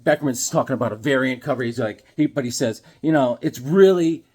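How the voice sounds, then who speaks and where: Husky, rambling man telling comic stories. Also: medium pitch, fast. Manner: rambling, animated, lots of fillers and restarts. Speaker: comic book channel host. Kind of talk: casual storytelling vlog.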